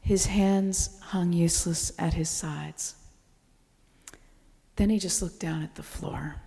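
Woman talking slow and hushed, lots of soft whispery bits, mellow lowish voice, long hall reverb. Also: steady tone. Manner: slow, soft, often drops to a breathy whisper. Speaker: speaker sharing reflections. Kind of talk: contemplative spoken reflection.

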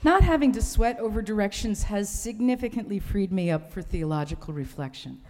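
A woman's voice: mid-range voice, expressive, a little fast, darkish tone, in a large hall. A woman delivering a sermon, telling a wry, humorous story in a church. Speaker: preacher.

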